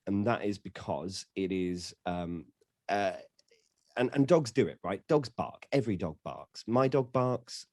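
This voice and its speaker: A man's voice: on the low side, a little mellow, no echo, clean studio sound. A middle-aged man, a dog trainer guest on a podcast, explaining dog behavior with jokes and many fillers. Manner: jokey, explains with asides and fillers. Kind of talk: casual explanatory chat.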